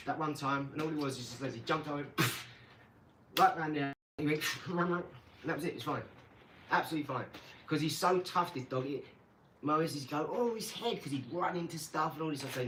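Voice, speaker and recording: A man, rambling casually about his dogs and acting out scenes with lively energy. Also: fairly high pitch, recorded from a distance. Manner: chatty, animated when acting out scenes. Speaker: vlogger. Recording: echoey room, voice off-mic, noisy.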